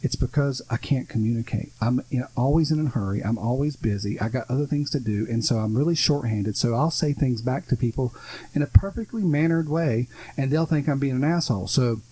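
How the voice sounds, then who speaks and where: A man's voice: medium pitch, fairly quick, mellow, breathy edge, rough recording. A man co-hosting a podcast in casual chat, blunt and sarcastic, rambling through his points. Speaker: podcast co-host.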